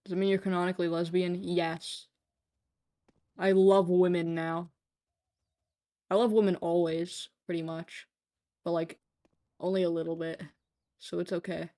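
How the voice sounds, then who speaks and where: A game streamer rambling through a late-night live session, cracking jokes and laughing at their own bits. Talks loosely to chat, in a mid-pitched, everyday voice. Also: flat delivery, a little slow, pauses often, mellow. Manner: joking, rambling, laughs often.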